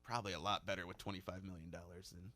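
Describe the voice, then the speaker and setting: Male co-host, lowish voice, halting opinionated chat. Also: steady tone, pushed and bright, faint music behind. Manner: hesitant, many fillers, opinionated. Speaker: radio co-host. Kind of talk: casual radio talk.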